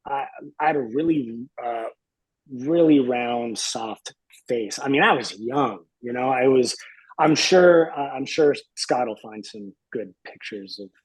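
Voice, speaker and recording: A man's voice: mid-range voice, a little slow, husky, dry recording, rough recording. A man in his fifties, a podcast guest reminiscing in casual chat, hesitant and rambling with many fillers.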